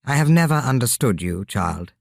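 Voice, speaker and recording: A man's voice: medium pitch, sing-song, moderate pace, vocal fry, no echo, clean studio sound. A man voicing a stern older queen mother in a storybook reading, speaking in a scolding tone.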